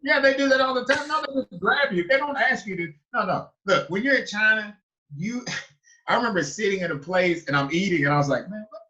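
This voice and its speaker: Animated storytelling man, bright voice. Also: high voice, a little fast. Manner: animated storyteller, acts out reactions with loud exclamations. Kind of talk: casual chat. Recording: muffled lo-fi sound.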